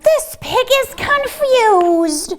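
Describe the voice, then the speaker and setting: A woman's voice: extremely high pitch, big pitch swings, extremely slow, pitched above the performer's own voice, heavily acted. A woman voicing a group of offended frogs in a children's story read aloud. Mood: indignant. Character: a crowd of indignant frogs.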